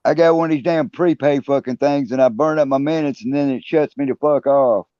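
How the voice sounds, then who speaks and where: Mellow man on a muffled phone call. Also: medium pitch, brisk, clear, resonant tone, no room sound. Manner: easygoing, profane, agreeable. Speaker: caller on a prepaid phone. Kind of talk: casual chat.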